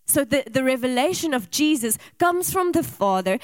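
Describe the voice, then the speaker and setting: A woman's voice: high voice, animated, moderate pace, dry recording. A young adult woman preaching a sermon, asking rhetorical questions and sharing personal stories with occasional laughs.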